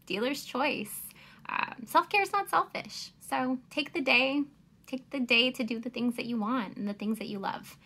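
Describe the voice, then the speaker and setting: Bright woman w a bit of gravel, chatty and encouraging bday note. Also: high-pitched, moderate pace. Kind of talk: recorded birthday message.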